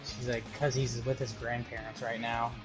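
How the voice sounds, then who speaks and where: A young man chatting casually with friends on a stream, telling animated stories, swearing freely and laughing often. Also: medium pitch, moderate pace, over music. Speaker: gamer on a voice-chat stream. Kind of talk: casual chat.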